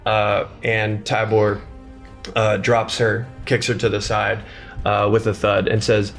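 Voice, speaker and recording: A man narrating as game master of a tabletop game, halting with many fillers. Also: on the low side, completely flat delivery, creaky, a bit bright, soft background music.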